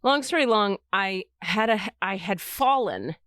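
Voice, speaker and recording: A woman's voice: medium pitch, a little slow, no echo, studio quality. A middle-aged woman hosting a podcast, telling a story in casual chat and acting out the voices of the people in it. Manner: animated storyteller, acts out quoted voices. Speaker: podcast host.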